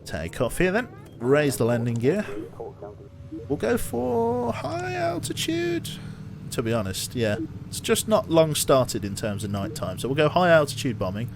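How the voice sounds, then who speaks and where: A man's voice: medium pitch, big pitch swings, normal speed, few pauses. Male streamer, mid-range voice, casual running commentary to chat, heavy game engine noise underneath. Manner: chatty, thinks aloud, talks to chat.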